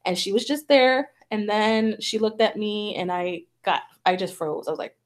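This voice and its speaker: At a moderate pace and in a mid-range voice, a woman hosting a talk show chats casually through a personal story, leaning heavily on "like" and "you know." She's a psychic medium and acts out the voices she quotes.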